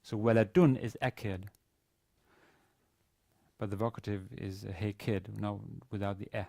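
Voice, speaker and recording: A man's voice: on the low side, steady tone, normal speed, warm tone, no echo. A man teaching a university class on classical Arabic grammar, explaining step by step with frequent fillers and restarts. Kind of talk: recorded university lecture.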